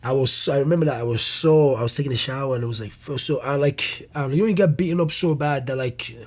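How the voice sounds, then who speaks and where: A young man, a comedian guest, telling a personal story in an interview, animated and loose, with swearing and restarts. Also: mid-range voice, quick pace.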